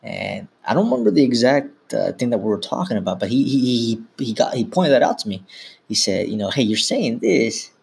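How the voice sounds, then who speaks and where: A man's voice: fairly low pitch, sing-song, fast, creaky, darkish tone, husky. A man hosting a podcast, talking informally and instructively in a casual monologue, often correcting himself mid-sentence. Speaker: podcast host.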